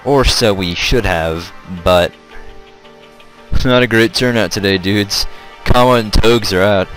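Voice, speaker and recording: A man's voice: on the low side, unhurried, fairly bright tone, soft background music. A man casually reading a visual novel aloud with wry, swearing asides. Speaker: let's play narrator.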